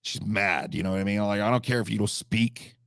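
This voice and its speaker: A man's voice: fairly low pitch, brisk, gravelly, a bit bright, no room sound, studio quality. A man telling a rambling comic story in a casual, profane, conversational way. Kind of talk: comedic storytelling.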